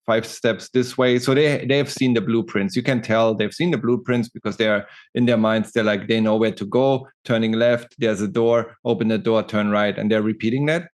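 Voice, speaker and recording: A man's voice: lowish voice, steady tone, moderate pace, few pauses. Rambling man spinning film theories. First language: German. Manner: rambling, theorizing, many restarts. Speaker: movie club host. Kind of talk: casual group chat about a film.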